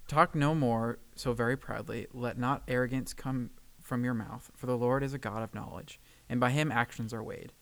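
A man's voice: medium pitch, steady tone, normal speed, hardly any pauses, poor audio. A man co-hosting a podcast, reading a Bible passage aloud and then reflecting on it in an earnest way, with a few stumbles and fillers. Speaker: podcast co-host.

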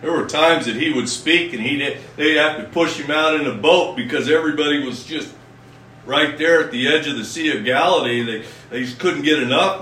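A man delivers a folksy, conversational sermon, slowing down to stress each line of scripture. His voice is bright and carries some distance from the mic. The room is echoey, with faint ambient noise. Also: mid-range voice. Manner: folksy, reads scripture slowly and emphatically. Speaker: pastor.

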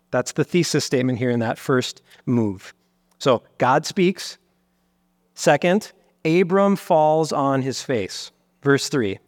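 A man delivers a church sermon in an earnest teaching manner, sometimes speaking God's words in the first person. His voice sits at a middle pitch. The sound is dry and close, with little room echo. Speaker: pastor. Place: church sanctuary.

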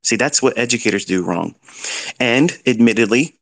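A man's voice: medium pitch, animated, normal speed, vocal fry, fairly bright tone. A middle-aged man lecturing as a trading mentor, giving blunt fatherly advice with rhetorical questions. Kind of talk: lecture-style talk.

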